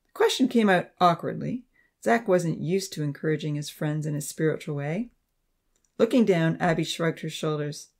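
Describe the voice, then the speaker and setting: A man narrating a Christian youth novel in a steady, clear storytelling voice. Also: on the high side, normal speed. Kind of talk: audiobook narration.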